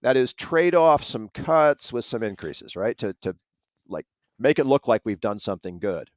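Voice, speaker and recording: Wry co-host with a lively voice. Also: male voice, medium pitch, normal speed, no room sound. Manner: wry, dry sarcasm. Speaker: podcast co-host. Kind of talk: political commentary chat.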